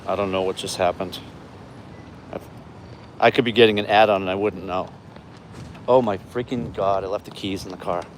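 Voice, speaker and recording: Streaming casually from his car and a store by phone camera, a New York delivery driver rambles along with his chat viewers. He has a low, steady voice at a moderate pace with long pauses, and there's background noise.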